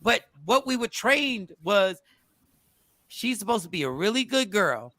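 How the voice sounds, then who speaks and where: Style: rich. A high-pitched, excitable man hosting a morning talk show, his voice gravelly and sharp-edged. He talks with animated emphasis in a dry, close studio sound. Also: no echo. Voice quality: voice he calls irritating. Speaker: radio show host.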